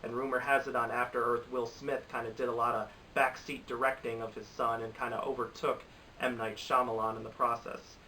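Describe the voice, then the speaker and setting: A man's voice: mid-range voice, little pitch movement, a little fast, sharp tone. A young man reviewing movies in a casual, opinionated vlog, rambling and restarting his sentences. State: has a cold. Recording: slightly distant mic with faint hiss.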